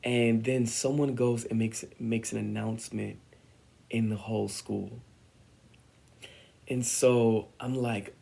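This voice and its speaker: Young male vlogger, gravelly and unhurried, telling a dramatic story. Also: medium pitch. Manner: animated, dramatic retelling with acted-out quotes. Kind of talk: personal storytelling.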